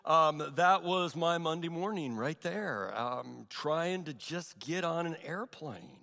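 A male pastor preaching a sermon in a church, telling a story with animated, exaggerated asides. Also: on the high side, slow, gravelly, long reverb tail. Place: large church hall.

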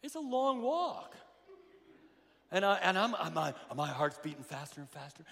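A man's voice: sits high, big pitch swings, normal speed, gravelly, a bit bright. A man preaching a sermon, telling a story with acted-out voices and many restarts. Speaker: pastor. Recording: hall reverb.

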